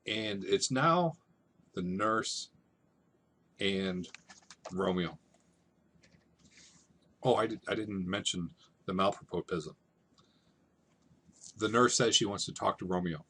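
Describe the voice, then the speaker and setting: Male teacher with a lowish, husky voice, relaxed and chatty as he walks through slides. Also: measured pace, long pauses. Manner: relaxed, conversational, paraphrasing in plain modern speech. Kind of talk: casual classroom explanation.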